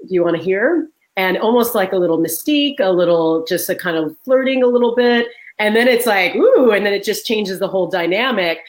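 A woman in her forties, a guest author in a conversational interview, telling animated stories and acting out what people said. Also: mid-range voice, low-quality recording. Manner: animated storytelling, acts out quoted voices. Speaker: guest author and leadership trainer.

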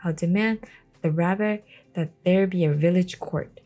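A woman reading the lines of a gentle, devout young man, soft and earnest, often near a whisper. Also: fairly low pitch, normal speed, lightly acted.

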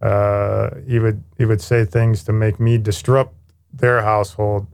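Candid, animated man telling stories. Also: on the low side, a little slow, gravelly. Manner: candid, animated storytelling with casual swearing. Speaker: interview guest, former firefighter paramedic. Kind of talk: casual storytelling conversation.

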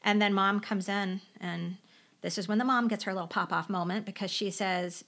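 A woman's voice: medium pitch, steady tone, moderate pace, a bit bright. A woman in her fifties co-hosting a casual chat, animatedly retelling a TV special and acting out the quoted lines. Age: 50s. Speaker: podcast co-host.

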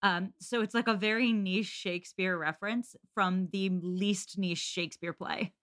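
A young woman co-hosting a casual podcast, dry-humoured and opinionated. She talks fast and tosses off references, and her voice sits in an ordinary middle range. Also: medium pitch, fairly even intonation, fairly bright tone. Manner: wry, opinionated, quick with references. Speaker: podcast co-host. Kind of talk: casual chat.

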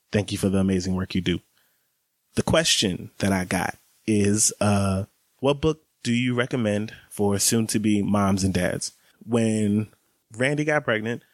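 A man in his late twenties talking casually in a vlog, chatty and relaxed, laughing now and then as he speaks. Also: on the low side, no room sound, clean studio sound. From American South. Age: 20s. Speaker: vlogger.

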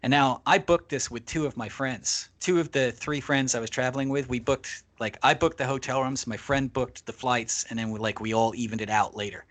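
A man telling a long travel story as a podcast guest, casual and animated, swearing freely and acting out the people he quotes. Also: medium pitch, brisk, few pauses.

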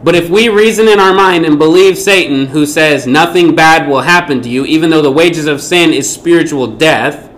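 A man's voice: fairly high pitch, normal speed, hardly any pauses, fairly bright tone. A man teaching a Bible lesson, speaking emphatically and often asking rhetorical questions.

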